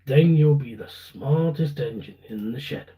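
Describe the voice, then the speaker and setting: A man voicing a kindly male engine driver in a storybook reading, gentle and reassuring. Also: mid-range voice, measured pace, lo-fi sound, slight background noise, lightly acted. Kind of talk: storybook read-aloud.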